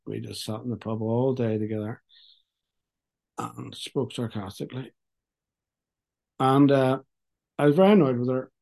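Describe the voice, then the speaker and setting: Mellow-voiced man sharing his story. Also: medium pitch, vocal fry. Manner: frank, wry, halting. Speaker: speaker sharing at a recovery meeting. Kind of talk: personal testimony.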